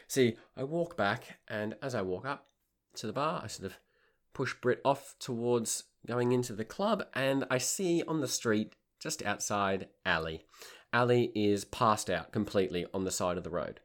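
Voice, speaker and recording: A man, a tour leader and podcast host, telling a comic anecdote in a wry, exasperated and animated way. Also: fairly low pitch.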